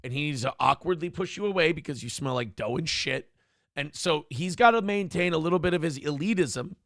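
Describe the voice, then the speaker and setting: Crude, mocking gravel-voiced man host. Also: a little high, expressive, brisk, no echo, studio quality. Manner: loud, profane, mocking, shouts at times. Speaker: morning show host. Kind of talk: crude comedic commentary on a clip.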